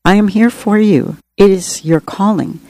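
A woman voicing a calm, wise male white dove who speaks in a matter-of-fact way in an audiobook reading. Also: medium pitch, measured pace, no echo, pitched above the performer's own voice, lightly acted, low-quality recording.

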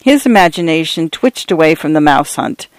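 A man narrates a novel in a measured storytelling voice, pitched somewhat high for a man. The recording is dry and close, with no room sound. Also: animated, no echo. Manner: measured storytelling, shifting tone slightly for characters. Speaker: audiobook narrator.

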